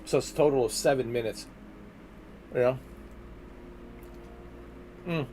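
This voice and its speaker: A man chatting casually on a gaming livestream, rambling and laid-back, often trailing off quietly. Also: mid-range voice, a little slow, slight background noise. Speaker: livestreaming gamer.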